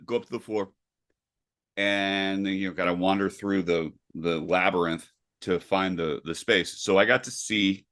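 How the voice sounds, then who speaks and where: A low-voiced man co-hosts a podcast in easy, casual chat. He is playful and jokey and piles on exaggerations for a laugh. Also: fairly bright tone. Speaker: podcast co-host.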